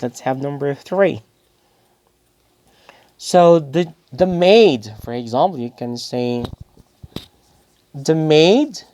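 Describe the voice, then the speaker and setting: Man, English teacher, grammar lesson, slow and deliberate, mid-pitched voice, answers his own questions. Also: a little mellow. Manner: asks rhetorical questions and answers them himself; addresses listeners as guys, repeats key phrases.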